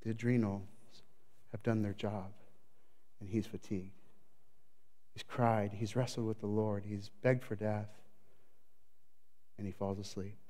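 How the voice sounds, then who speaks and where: Dramatic male preacher, loud then hushed. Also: flat delivery, measured pace, long pauses. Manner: dramatic storytelling, voicing the prophet's panic; varies loudness widely, building up then dropping low. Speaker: pastor. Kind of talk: sermon.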